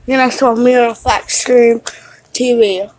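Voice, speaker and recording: A woman casually retelling a dream, slow and halting, with restarts. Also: a little high, fairly even intonation, a little hiss or hum, poor audio. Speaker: storyteller.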